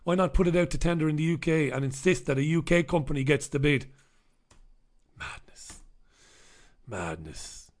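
A man's voice: fairly high pitch, fairly even intonation, fast talker, few pauses. An Irish man hosting a live stream in casual chat, sardonic and sweary as he greets viewers and riffs on the news. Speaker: livestream host.

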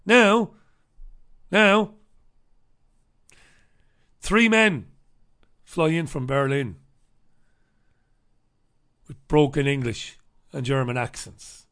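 A man's voice: a little high, very slow, pauses often, fairly bright tone. A man hosting a talk show, delivering a sarcastic, combative monologue and reviewing the papers, swearing freely. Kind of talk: ranting monologue and newspaper review.

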